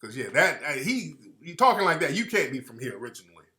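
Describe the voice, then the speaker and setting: A man's voice: a little high, sing-song, quick pace, bright, forceful tone, reverberant. A man hosting a radio talk show, talking to listeners in a loose, slangy, rambling way and trailing off while he looks things up. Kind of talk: casual commentary to listeners.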